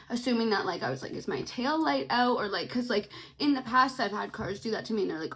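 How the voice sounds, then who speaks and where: A woman's voice: a little high, fast. A young woman vlogger, tearful and sniffly, telling a shaken, rambling story with lots of fillers. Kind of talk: emotional storytime vlog.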